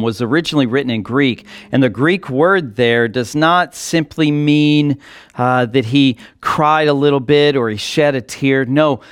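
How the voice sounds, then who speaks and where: A man's voice: mid-range voice, smooth, dry recording, clean studio sound. A male pastor preaching a sermon in an earnest way that builds to emphatic passages.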